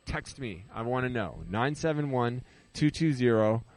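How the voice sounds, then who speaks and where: Man hosting live radio, loose and rambling, mid-pitched, dry studio mic. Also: animated, moderate pace, no echo. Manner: rambling, self-correcting, laughs at own jokes. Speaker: radio show host. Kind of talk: casual live radio chat. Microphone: studio microphone.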